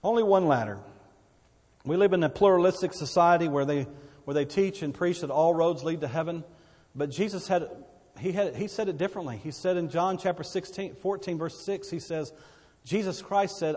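Man, sermon, fairly high voice, rising and falling volume, echoing hall. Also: fairly quick, darkish tone. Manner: preaching with repetitions and swells of volume. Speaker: pastor.

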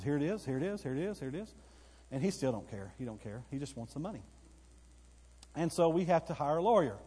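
In a church sanctuary, a pastor spins a story for his congregation during a sermon, now and then bursting out with excitement. His voice is fairly high yet dark and slightly husky, and the long reverb of the hall rings around it.

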